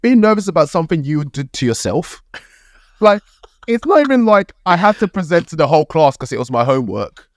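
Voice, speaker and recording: A young British man co-hosting a podcast tells a story in a lively, casual manner, laughing and swearing along the way. His fairly high voice moves briskly, recorded with studio quality and no echo.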